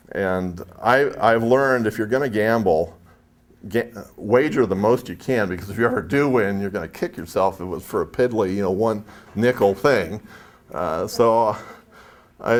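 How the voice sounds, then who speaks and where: A San Jose, California man speaking at a spiritual expo tells a chatty, anecdotal story to a live audience and acts out the dialogue. His pitch is fairly low.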